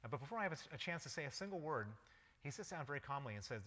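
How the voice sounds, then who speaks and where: A man's voice: on the high side, lively intonation, rapid-fire, pushed and bright. A man giving a public lecture, recounting a personal story vividly in the present tense. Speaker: guest lecturer. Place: lecture hall. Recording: long reverb of a lecture hall.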